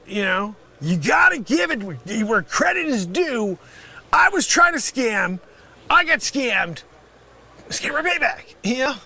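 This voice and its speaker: Brief: male improv comic playing a scammer, bright high voice, put-on New York accent, lively bursts. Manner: loud, insulting, swings from shouting to muttering. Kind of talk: improvised comedy sketch.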